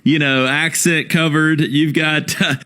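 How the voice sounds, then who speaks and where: A man's voice: fairly high pitch, fairly even intonation, unhurried, sharp tone. A man with a South Carolina accent hosting a podcast, chatting in a laid-back, chummy way. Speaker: podcast host. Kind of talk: casual interview chat.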